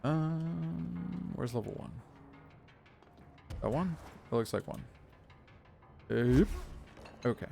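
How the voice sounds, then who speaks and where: A man's voice: a little high, lively intonation, slow pace, vocal fry, long pauses, dark tone, soft background music. A man in his thirties streaming a game live, chatting in a rambling way with his viewers between moves. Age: 30s. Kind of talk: live gameplay commentary.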